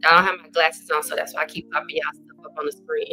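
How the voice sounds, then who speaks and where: Woman host from Arkansas, folksy and animated, bright tone; live chat with viewers. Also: sits low, normal speed, long pauses, soft background music. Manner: chatty, reads viewer comments aloud; animated, folksy, says y'all. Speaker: livestream host. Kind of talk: casual livestream chat.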